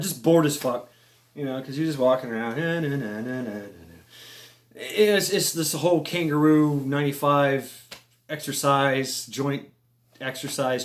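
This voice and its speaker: A man with a slightly higher voice tells a story in a loose, rambling way. He swears freely and gets animated, throwing in silly sound effects and little noises between his sentences. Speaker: vlogger telling a military story. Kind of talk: casual storytelling.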